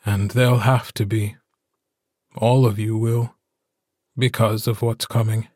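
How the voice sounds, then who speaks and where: A steady, protective werewolf alpha, voiced by a man, calm and tender even when grave. He speaks slowly in a husky low voice, recorded close and dry for an audiobook. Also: dry recording.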